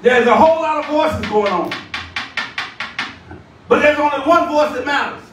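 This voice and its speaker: A man preaching a sermon as bishop, shouting and calling out to the congregation, recorded from a distance in a church. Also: extremely high pitch, normal speed, noisy background. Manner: shouting, call-and-response preaching. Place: church sanctuary. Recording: echoey church room, distant mic.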